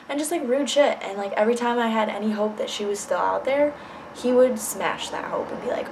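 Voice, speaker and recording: A woman's voice: on the high side, a little fast, darkish tone, slight background noise, low-quality recording. A young woman telling a personal story in a casual vlog, blunt and candid, swearing freely. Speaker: vlogger.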